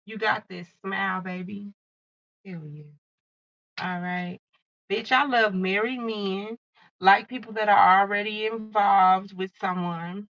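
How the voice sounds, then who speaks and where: Bright, profane tarot-reading woman. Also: medium pitch, fairly even intonation, slow, no room sound, lo-fi sound. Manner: blunt, profane, fired-up channeling. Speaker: tarot card reader. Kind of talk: casual tarot reading to viewers.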